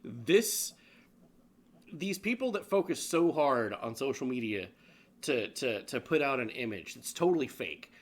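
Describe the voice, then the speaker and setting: A man with a medium-pitched, unhurried voice co-hosts a casual online news show, swearing, laughing often and ranting about what he shows. His commentary is animated and profane.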